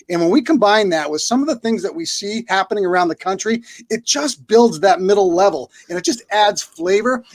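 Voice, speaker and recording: Man, Boston accent, high-pitched, dry close sound, long-winded, upbeat talk-show co-host. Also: no room sound. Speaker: middle school principal, co-host. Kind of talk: live-streamed talk show hosting.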